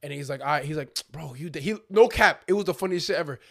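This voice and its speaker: A man's voice: fairly high pitch, quick pace, creaky. A young man and podcast co-host telling a story in casual slangy chat, acting out his friends' lines. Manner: animated, acts out friends' voices, slangy.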